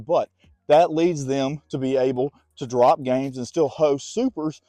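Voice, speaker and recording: A man's voice: mid-range voice, fairly even intonation, brisk, warm tone, no echo. Winded man chatting sports on a walk. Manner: chatty, talks to his dog between points. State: winded from walking. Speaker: sports vlogger. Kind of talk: casual sports chat while walking. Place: outdoors on a walk.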